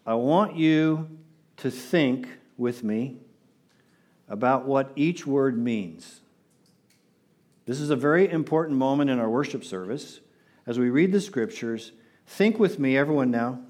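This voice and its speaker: A man's voice: medium pitch, darkish tone. A man preaching a sermon to his congregation in an earnest, repetitive way, often asking them to respond. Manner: earnest, repeats words, asks the congregation to respond. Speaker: pastor.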